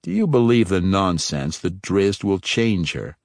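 A cool, composed young dark elf woman, as a male narrator puts her on, speaking with calm poise. The voice stays low, with a dry, close audiobook sound. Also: unhurried, creaky, no echo, exaggerated voice. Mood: poised.

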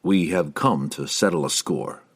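A man voicing a composed elf warrior who speaks calmly and courteously. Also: low voice, unhurried, husky. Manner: calm, courteous, old-fashioned phrasing. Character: calm, composed elf warrior, polite and measured.

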